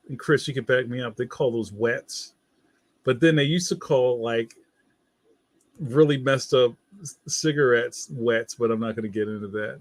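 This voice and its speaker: A man's voice: mid-range voice, no room sound. A man hosting a casual livestream, reading viewer comments aloud in a playful, slangy way and laughing often. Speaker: livestream host.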